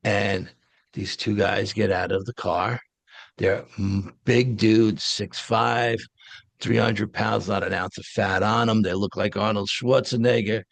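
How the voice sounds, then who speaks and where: A low, gravelly man tells his story as an interview guest. His talk is casual, blunt and colloquial. The sound is dry and close. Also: steady tone, measured pace, no room sound. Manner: colloquial, blunt, street-wise phrasing. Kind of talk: casual first-person storytelling.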